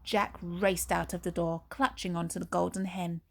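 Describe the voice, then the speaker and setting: A woman teacher, reading a storybook aloud for young children in a slow, expressive way with dramatic pauses. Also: on the low side, creaky.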